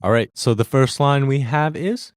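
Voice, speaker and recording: A man's voice: mid-range voice, moderate pace, clear, resonant tone, dry recording, clean studio sound. A man hosting a language lesson, explaining Korean phrases to learners step by step in a friendly way that breaks into easy laughter.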